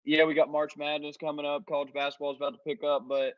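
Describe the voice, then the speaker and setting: A young man with a slightly higher voice speaks reflectively and wistfully in casual sports chat. The sound is dry and close, with little room echo. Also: flat delivery, fast, lo-fi sound. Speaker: podcast co-host.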